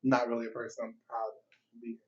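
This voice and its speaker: A man's voice: mid-range voice, monotone, fairly quick, distant mic. A young man hosting a podcast in casual chat, laid-back, laughing often and swearing casually. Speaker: podcast host. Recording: dull lo-fi podcast audio.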